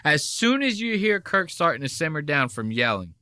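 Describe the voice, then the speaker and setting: A man's voice: fairly high pitch, big pitch swings, moderate pace, bright, forceful tone, smooth, dry recording, clean studio sound. A man hosting a podcast, reacting to a clip with brash, mocking, profane commentary. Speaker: podcast host.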